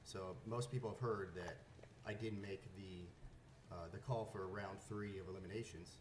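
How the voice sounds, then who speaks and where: A man's voice: sits low, steady tone, moderate pace. A man who races, insistently explaining a dispute straight to camera, sounding aggrieved. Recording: roomy clip with background noise.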